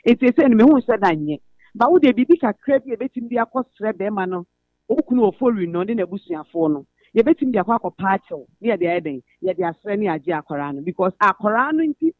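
A Ghanaian woman phoning in to a radio show, telling a long family story in an earnest, steady way. Her voice comes through a narrow, tinny telephone line. The sound is dry, with no room around it. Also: on the high side, no echo. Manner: earnest, recounting family troubles at length. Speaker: radio caller. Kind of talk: phone-in personal story, code-switching.

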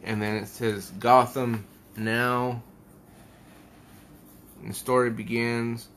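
A man's voice: medium pitch, little pitch movement, slow, a bit bright, slight background noise. A man giving a casual comic book review at home, rambling and thinking aloud as he pages through an issue.

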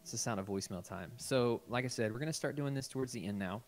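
A man's voice: medium pitch, fast. A man hosting a podcast in casual chat, introducing voicemails and laughing easily with his co-hosts. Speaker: podcast host.

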